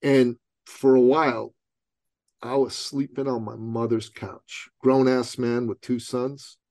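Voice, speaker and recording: A man's voice: medium pitch, level tone, slow, a little mellow, dry recording. A middle-aged man from Iran, a guest entrepreneur, telling a personal story in an interview with emphatic rhetorical questions.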